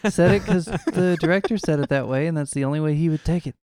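A man's voice: fairly high pitch, fast talker, darkish tone, no echo, studio quality. An American man co-hosting a casual movie podcast, rambling and jokey, often mimicking how others talk. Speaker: podcast co-host.

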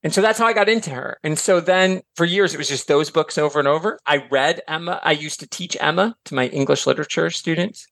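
A man's voice: a little high, fast talker, vocal fry, hardly any pauses, a bit bright, dry recording. A man who is a guest on a podcast, an author and teacher, chatting casually and telling stories with lots of digressions and some casual swearing. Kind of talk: casual chat.

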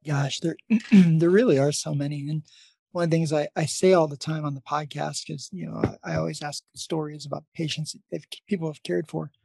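A man's voice: a little high, gravelly, darkish tone, dry recording. A man who is a nurse and podcast host, telling a long story in a casual, rambling way with many restarts.

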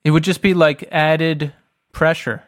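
A man co-hosting a podcast, his voice a little higher than average and recorded dry and close. He drops in short, wry remarks and jokes during the conversation. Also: steady tone, a little slow, no echo. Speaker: podcast co-host. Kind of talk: casual podcast chat.

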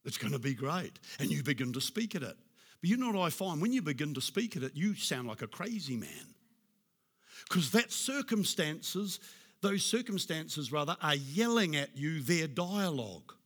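A man preaching a sermon in a husky, slightly high voice. He builds to loud, emphatic declarations, then drops to a soft, hushed prayer. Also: very animated, moderate pace. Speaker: pastor.

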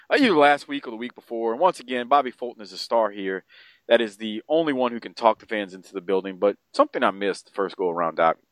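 Male podcast co-host, mid-pitched, casual and rambling, dry close-mic sound. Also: no echo. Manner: rambling and profane, pitch jumps when excited.

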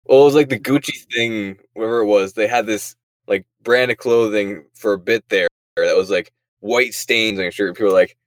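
A man's voice: fairly low pitch, normal speed, dry recording. A young man co-hosting a podcast, laughing and joking in crude casual chat. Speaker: podcast co-host.

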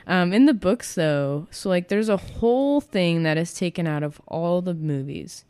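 A woman's voice: fairly low pitch, moderate pace, mellow, clean tone, dry recording. A young woman chatting casually about books, rambling with lots of fillers and giggles.

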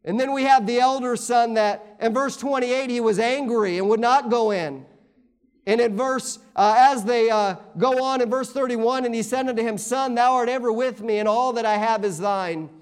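A man's voice: very high-pitched, normal speed, clean tone. A man preaching a sermon, reading scripture aloud and adding conversational asides that end in "amen?". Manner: reads scripture aloud in King James wording.

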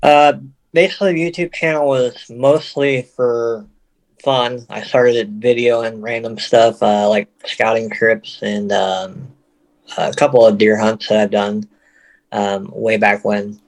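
A man's voice: on the low side, steady tone, slow, low-quality recording. A man talking as a guest on a casual podcast, plain and hesitant with many fillers. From Oregon.

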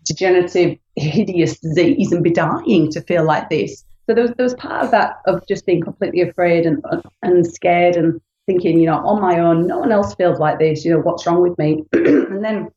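A woman's voice: on the low side, moderate pace, hardly any pauses, dark tone. A British woman in her late thirties, chatting candidly as an interview guest and telling her own story. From United Kingdom. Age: late 30s. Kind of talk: casual interview chat. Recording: echoey, dull lo-fi recording.

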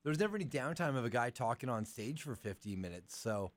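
A man's voice: medium pitch, expressive, fast. A man co-hosting a podcast, chatting casually with lots of "like", sounding congested from allergies. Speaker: podcast co-host.

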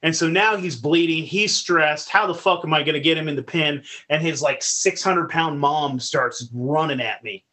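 Swearing, bright-voiced man telling stories. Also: a little high, normal speed, few pauses. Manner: profane, animated storytelling. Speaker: podcast guest. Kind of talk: casual chat.

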